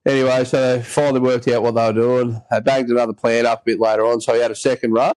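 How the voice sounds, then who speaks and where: A man's voice: mid-range voice, level tone, quick pace, a little mellow. A man with an Australian accent hosting a podcast, telling a rambling story in a casual, chatty way and acting out the voices of the people in it. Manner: rambling yarn-spinner, acts out quoted voices. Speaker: podcast host.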